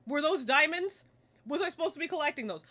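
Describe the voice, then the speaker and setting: Excitable, laughing woman streamer in her forties. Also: sits high, quick pace, slight background noise. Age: about 40. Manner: excitable, swears, laughs often, yelps at the game. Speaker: game streamer. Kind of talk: live gameplay stream chat. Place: home streaming setup in front of a green screen.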